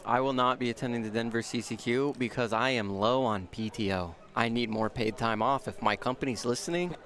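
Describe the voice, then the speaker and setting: Man guest player, casual chat, playful trash talk, mid-pitched voice. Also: brisk, a crowd in the background.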